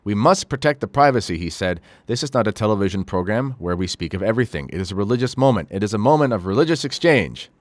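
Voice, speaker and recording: A man's voice: on the low side, expressive, fast talker, few pauses, no room sound. A man hosting a commentary show, reading quotes aloud and adding critical, sarcastic remarks with frequent fillers. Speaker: host.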